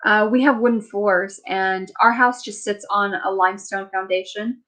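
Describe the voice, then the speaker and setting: A worn-out woman hosts a late-night live stream from her home, chatting loosely and answering viewer comments. She rambles, laughs easily and keeps her tone relaxed and teasing. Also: mid-range voice, moderate pace. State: tired. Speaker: livestream host. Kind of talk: casual live chat reading viewer comments.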